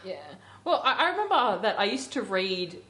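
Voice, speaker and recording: A woman's voice: medium pitch, very animated, normal speed, a bit bright. A young woman co-hosting a casual radio chat show, telling a story animatedly and laughing often.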